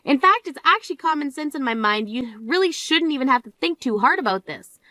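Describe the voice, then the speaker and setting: Grieving older sister played by a woman, high voice, reproachful, scolding, drama voice acting. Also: animated, brisk, sharp tone, no room sound.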